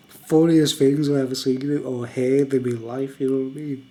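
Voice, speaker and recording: A man's voice: medium pitch, slow pace, long pauses, darkish tone. Rambling man, laughs through his story, very casual. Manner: laughs often, rambling, asks "you know what I mean". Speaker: vlogger.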